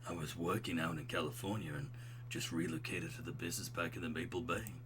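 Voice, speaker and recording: A man voicing a smooth, laid-back young dad and old college buddy in a slow, deep, buttery drawl for a dating game. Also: fairly even intonation, a little hiss or hum. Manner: slow, mellow drawl ending on "bro".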